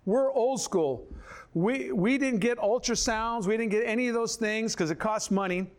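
Preaching with lively storytelling, the elderly pastor performs other characters' voices. Scripture passages get a deeper, slower delivery.

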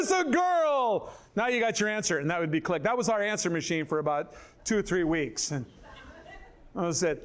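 This sermon comes from an older man, a pastor who tells stories energetically and imitates the voices of the people in them. He slows down and lowers his voice to deliver scripture.

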